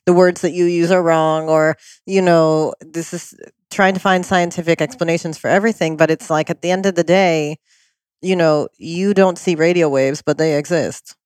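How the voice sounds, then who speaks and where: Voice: medium pitch, fairly even intonation, moderate pace, a little mellow, clear, resonant tone, dry recording. A podcast host making emphatic, opinionated points in a conversational interview.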